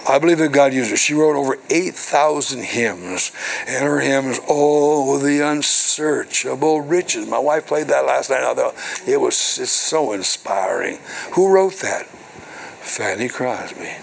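A man's voice: mid-range voice, animated, a little slow, vocal fry, a little hiss or hum, low-quality recording. An older man, a minister, preaching a sermon to his congregation, reading scripture and then explaining it with call-and-response asides. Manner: call-and-response preaching with repeated "hello" and "right". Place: church.

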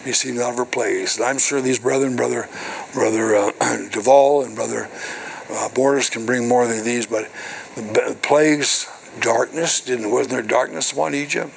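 A man's voice: medium pitch, steady tone, moderate pace, vocal fry, slight background noise, rough recording. An older man, a minister, preaching a sermon to his congregation, reading scripture and then explaining it with call-and-response asides. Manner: call-and-response preaching with repeated "hello" and "right". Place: church.

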